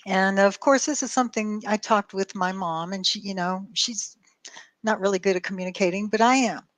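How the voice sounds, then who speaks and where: A woman's voice: medium pitch, moderate pace, dry recording. A woman telling a long story on a call show, acting out both sides of the dialogue and swearing freely. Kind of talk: casual storytelling chat.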